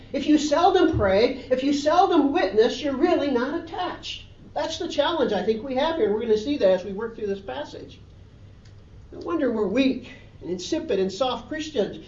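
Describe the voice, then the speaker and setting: A woman's voice: sits high, a little mellow. A woman preacher delivering a sermon with emphatic, repetitive stress on key phrases. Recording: dull, roomy sound picked up from a distance.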